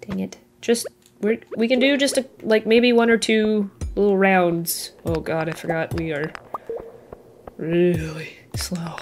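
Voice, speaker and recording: A woman casually plays through a cozy farming game, chatting to the characters on screen and laughing at her own mishaps. Her mid-pitched voice is picked up by a headset mic in a home room. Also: fairly even intonation, a little slow, darkish tone, a little hiss or hum. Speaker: gaming channel host. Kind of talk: casual let's-play commentary. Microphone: headphones with mic.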